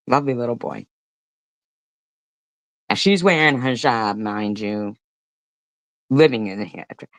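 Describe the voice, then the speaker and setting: A woman's voice: extremely low pitch, unhurried, no room sound. A woman hosting a reaction commentary, voicing exasperated and disgusted remarks about a clip. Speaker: commentary host.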